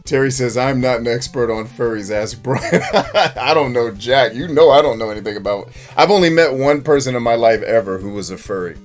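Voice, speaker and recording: A man's voice: medium pitch, fairly quick, hardly any pauses, soft background music. A man streaming a retro game, chatting casually with viewers and reading their comments, swearing freely and laughing often. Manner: animated, profane, laughs often. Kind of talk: casual live-stream chat.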